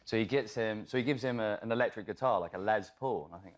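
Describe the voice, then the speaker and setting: A man who is an actor, a guest on a talk show, telling an animated story and laughing often. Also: mid-range voice, fast talker, a little hiss or hum.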